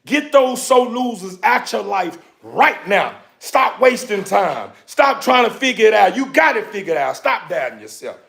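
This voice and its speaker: Fired-up man with a gravelly, high voice. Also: big pitch swings, measured pace, few pauses, a bit bright. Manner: preachy, repetitive, fired-up street talk. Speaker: dog breeder vlogger. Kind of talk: casual motivational talk to camera.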